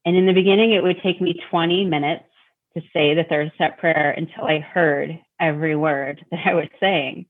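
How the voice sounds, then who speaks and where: A middle-aged Detroit woman, appearing as a guest, talks openly about recovery in a low-pitched voice with a steady tone and moderate pace. She repeats words and acts out her own thoughts, and the audio sounds tinny, like a phone.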